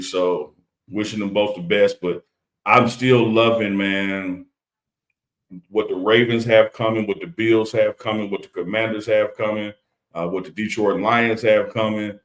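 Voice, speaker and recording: A middle-aged man with a lowish voice co-hosts a casual sports stream from home. He talks in a relaxed, teasing way, and his voice carries the roomy echo of a room in the house. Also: normal speed. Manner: laid-back, teasing banter. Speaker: co-host of a live stream.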